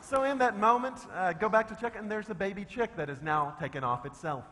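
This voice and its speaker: Pastor guy with a bright sharp voice, telling a funny story in a sermon, goes from yelling to hushed, echoey church. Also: fairly quick. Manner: animated, swings from loud shouting to hushed low talk. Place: church sanctuary. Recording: long reverb of a church hall.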